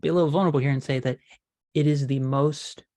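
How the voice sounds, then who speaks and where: A woman narrates a tabletop role-playing game as its game master. She describes each scene in a measured, descriptive way. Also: low-pitched, steady tone, mellow.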